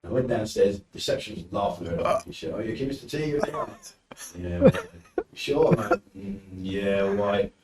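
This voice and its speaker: A man's voice: on the low side, brisk, gravelly, far from the mic. A man from the UK with a British accent, telling anecdotes as a podcast guest and acting out quotes. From United Kingdom. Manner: animated anecdotes with acted quotes. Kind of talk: casual storytelling. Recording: roomy, from off mic, faint noise.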